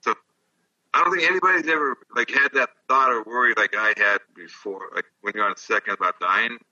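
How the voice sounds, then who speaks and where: A man's voice: medium pitch, fairly quick, bright, forceful tone, husky, far from the mic, dull audio. An older man, a former ballplayer, telling rambling, profane stories in casual chat. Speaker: guest, former baseball player. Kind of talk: casual storytelling.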